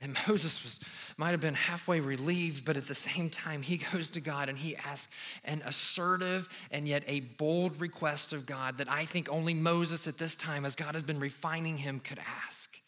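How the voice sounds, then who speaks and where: Male pastor, high bright voice, dramatic sermon delivery that drops to whispers. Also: fairly even intonation, normal speed. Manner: dramatic, swings between pleading loud passages and hushed near-whispers.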